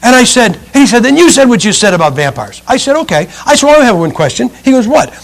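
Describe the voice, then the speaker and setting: A man preaching a sermon, emphatic, swinging between loud outbursts and hushed lines. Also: very high-pitched, big pitch swings, fast.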